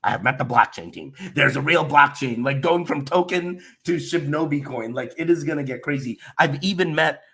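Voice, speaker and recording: A man's voice: a little high, normal speed, creaky, few pauses, slightly rough. A young man who is sick and a bit nasal, with a slight cough, hosting a casual crypto livestream and chatting loosely with viewers. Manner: loopy, relaxed, rambling with restarts. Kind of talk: casual livestream chat reading comments.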